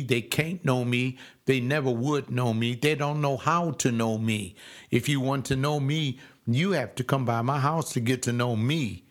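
An older man preaching a sermon over a webcast, fervent, swinging between loud exclaiming and slow, low emphasis.

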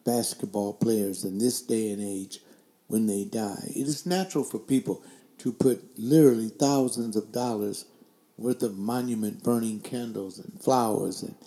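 Older male webcast host, warm and mellow, asks question after question, echoey room. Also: on the low side. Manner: strings together rhetorical questions. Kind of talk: opinion commentary to a webcast audience. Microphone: desk microphone, later adjusted to sit further back.

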